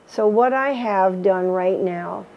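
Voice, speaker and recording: A woman's voice: medium pitch, slow, highs cut off, slight background noise. An older woman telling her personal faith story in an earnest, storytelling way, acting out the voices she quotes. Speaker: missionary teacher. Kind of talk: personal testimony.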